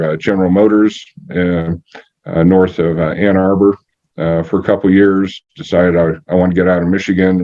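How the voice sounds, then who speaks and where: A man in his sixties telling a story from his life as an interview guest, halting with many fillers and matter-of-fact. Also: low-pitched, mellow. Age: 60s. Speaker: energy healer guest. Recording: muffled lo-fi audio.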